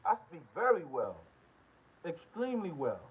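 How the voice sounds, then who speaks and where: A man with an American accent delivers a heated commentary rant in a high, piercing voice. He is confrontational and profane, hammering the same short questions over and over. The audio is dull and lo-fi. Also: wildly swooping pitch, moderate pace, slightly rough. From United States. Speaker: political commentary host.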